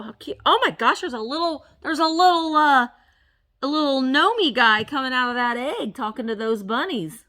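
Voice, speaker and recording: A woman's voice: a little high, bright, forceful tone. A woman vlogger chatting casually as she unboxes a package, gushing over each item and talking playfully to the objects. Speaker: reseller vlogger.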